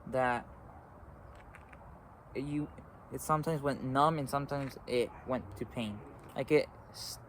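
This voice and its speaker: Standing by a road with faint traffic audible, a teenage vlogger tells a casual story in a medium-pitched voice. His telling wanders and stalls, heavy with filler words.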